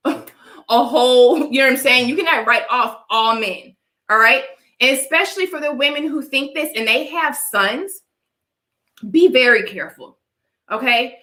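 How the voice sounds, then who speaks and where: A woman's voice: on the high side, pushed and bright, reverberant. A woman with a dry cough from allergies, hosting a live stream and talking her opinions through emphatically, often checking in with viewers. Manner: emphatic, repeats "all right?" to viewers. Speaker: livestream host.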